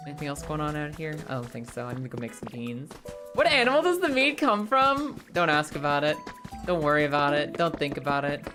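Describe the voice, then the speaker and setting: A woman livestreams a game with music playing behind, joking, swearing freely, and bantering playfully with her chat. She speaks fast in a low-pitched, level tone.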